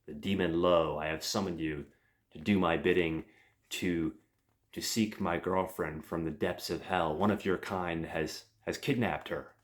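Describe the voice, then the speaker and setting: A man's voice: sits low, fairly even intonation, unhurried. A man voicing a nerdy, lonely young man who speaks earnestly.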